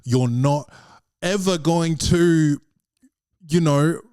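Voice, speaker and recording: A man's voice: on the high side, drawn-out words, warm tone, clean tone, dry recording, clean studio sound. An Australian man hosting a podcast as a comedian, rambling and profane, peppering his talk with slang. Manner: profane, rambling storyteller, slangy with repeated "bro". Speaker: podcast host and stand-up comedian. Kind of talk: casual rambling monologue.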